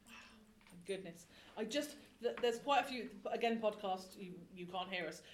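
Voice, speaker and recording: A woman's voice: mid-range voice, normal speed, reverberant. A woman from Croydon, a teacher leading a chatty group discussion on a school podcast and asking questions of students around her. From Croydon, South London. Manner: chatty, encouraging, asks questions.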